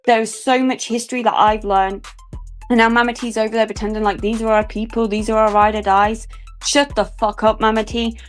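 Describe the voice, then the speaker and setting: Blunt, scornful, cursing woman streamer. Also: fairly high pitch. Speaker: livestreamer. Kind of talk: drama commentary on a livestream.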